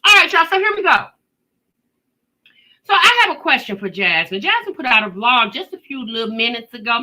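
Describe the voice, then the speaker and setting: A woman's voice: high-pitched, pushed and bright. A woman hosting a casual livestream, greeting viewers by name and chatting, tired after a day at work. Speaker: reaction channel host.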